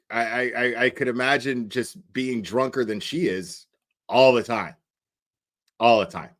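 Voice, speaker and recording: A man giving casual reaction commentary, rambling, sarcastic and heavy on swearing. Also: medium pitch. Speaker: reaction streamer.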